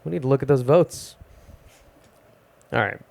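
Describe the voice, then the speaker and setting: A young man doing a self-deprecating, deadpan stand-up set at an open mic in a small music club. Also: mid-range voice, normal speed, vocal fry. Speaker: stand-up comedian.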